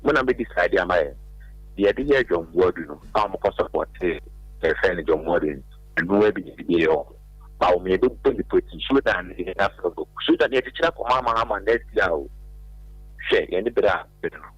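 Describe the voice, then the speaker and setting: A man's voice: sits low, expressive, brisk, husky, no room sound. A Ghanaian man calling into a radio show, rambling hesitantly. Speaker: caller. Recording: dull phone line with faint music.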